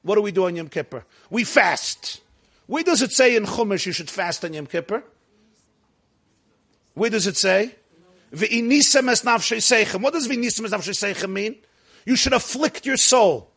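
High-voiced man lecturing a class. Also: lively intonation, normal speed, long pauses, fairly bright tone, slightly rough. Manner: asks the class questions and answers them himself, jokes with them. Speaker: rabbi teaching a class.

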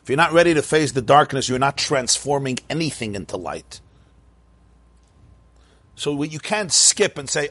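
A man giving a Torah class as a rabbi, lively and questioning, with mock-cheerful asides. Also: mid-range voice, moderate pace, long pauses, no room sound.

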